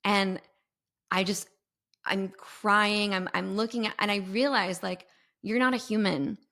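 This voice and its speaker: Woman podcast guest, lively and expressive storyteller, mid-pitched voice. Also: unhurried. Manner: animated, expressive, sings sound effects. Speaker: podcast guest, intuitive mentor. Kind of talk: storytelling in an interview.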